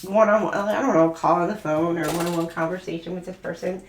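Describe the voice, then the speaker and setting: A woman's voice: lowish voice, fairly even intonation, fast, reverberant, slight background noise. A woman giving a casual tarot reading, gushing and giggling, with lots of fillers as she talks. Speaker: tarot reader.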